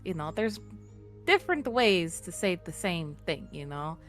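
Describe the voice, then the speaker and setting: A woman voicing a poised, protective young woman who keeps the peace, talking in a lively, emphatic way in a tabletop game. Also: on the low side, unhurried, faint music behind, voice pushed down. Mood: firm.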